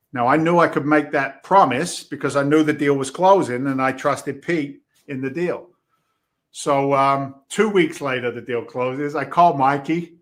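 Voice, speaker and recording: A middle-aged man with a Boston accent, talking at an average pitch on a podcast. He tells his stories with energy, acts out quoted dialogue and swears freely in a casual way. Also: normal speed, a bit bright. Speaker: podcast guest, real estate investor. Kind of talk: animated storytelling in conversation.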